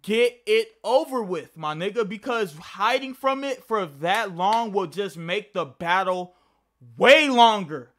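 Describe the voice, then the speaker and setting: A man's voice: sits high, animated, slow, fairly bright tone. A young man telling a casual personal story to camera, rambling and profane, often restarting his sentences. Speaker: vlogger.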